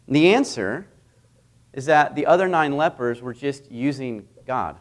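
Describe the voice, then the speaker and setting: A man in his thirties delivering a sermon as a visiting preacher, telling stories in a conversational way with lively dramatic swings. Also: medium pitch, normal speed.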